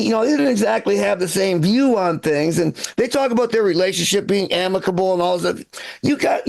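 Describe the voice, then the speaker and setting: Comedian guy doing standup, swears a lot, high voice with gravel in it. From Michigan. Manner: casual, profane, chatting with the crowd. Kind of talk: live stand-up set.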